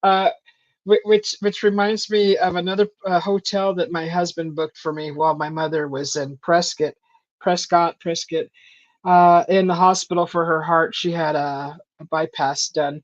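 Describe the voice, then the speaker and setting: A woman in casual chat, rambling through a story and acting out quotes in a higher voice, on a stream mic. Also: steady tone, normal speed, no room sound. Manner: rambling storyteller, acts out quotes with a high voice and laughs. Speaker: stream host. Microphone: streaming call mic. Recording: dull lo-fi stream audio.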